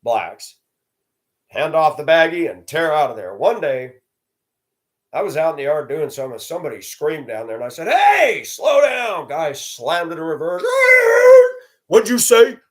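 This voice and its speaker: A man's voice: a little high, animated, moderate pace. A middle-aged man telling personal stories in a blunt, plainspoken way. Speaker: storyteller host. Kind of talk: personal storytelling monologue.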